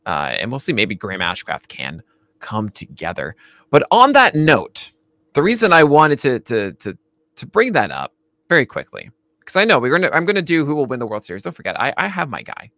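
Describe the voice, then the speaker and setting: A man co-hosting a casual baseball chat show, animated, laughing often and restarting his sentences. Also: mid-range voice, brisk, no echo. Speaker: podcast co-host.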